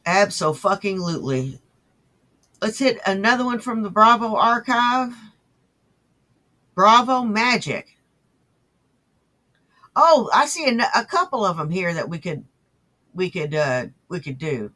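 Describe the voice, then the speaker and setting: Brief: a mocking man with a bright, high voice and slow delivery, riffing sarcastically on clips. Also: expressive. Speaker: host. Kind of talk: profane reaction commentary.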